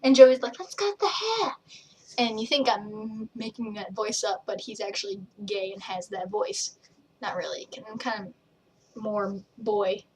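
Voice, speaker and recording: A woman's voice: medium pitch, fairly even intonation, unhurried, darkish tone, slightly rough. A young woman chatting casually to camera, rambling from one tangent to the next and acting out what people said. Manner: rambling, jumps between tangents, acts out quotes. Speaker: vlogger and page admin. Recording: voice a bit distant from the mic.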